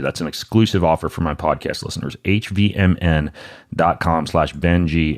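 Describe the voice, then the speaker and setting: A man with a very low voice hosts a podcast. He reads sponsor spots and introduces his guest in an upbeat, chatty manner, dropping in quick joking asides. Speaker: podcast host.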